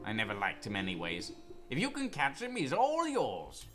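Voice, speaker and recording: A man's voice: mid-range voice, wildly swooping pitch, normal speed, music in the background. A man voicing a cheeky young country boy in a game, boastful and grabby with a folksy drawl. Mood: cocky.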